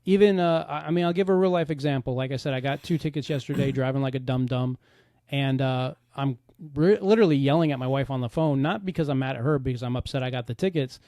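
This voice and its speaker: A man's voice: mid-range voice, fast talker, warm tone, no room sound, studio quality. A man in casual podcast chat, talking candidly and bluntly, swearing freely.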